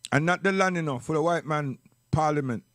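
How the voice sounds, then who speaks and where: High-voiced Jamaican man, emphatic monologue. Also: a little fast, fairly bright tone, no room sound, studio quality. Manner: preachy, emphatic, repeats "you understand?". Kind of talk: impassioned spoken monologue.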